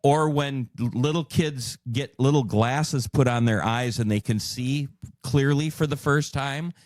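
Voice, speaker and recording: A middle-aged man hosting a podcast, asking relaxed, easygoing questions and teasing his guest now and then. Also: medium pitch, measured pace, dry recording. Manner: easygoing, teasing, uses many fillers. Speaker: podcast host. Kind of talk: casual interview.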